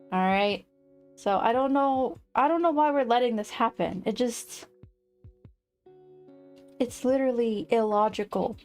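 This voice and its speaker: Woman, livestream chatter, rambling, laughs easily, slightly high voice, faint music behind. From United States. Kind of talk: casual livestream chat.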